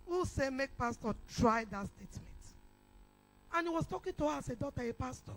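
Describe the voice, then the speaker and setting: A Nigerian woman preaching in church, telling a story with animated energy and rising to shouts. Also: high-pitched, a little fast, poor audio. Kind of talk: sermon testimony.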